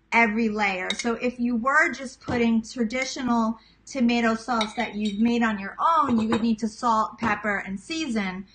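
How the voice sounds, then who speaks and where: This is a high-leaning woman's voice with background noise. She's a cooking vlogger in her thirties from Queens with a New York accent, casually demonstrating a recipe in her home kitchen. Chatty and self-mocking, she addresses viewers as "guys."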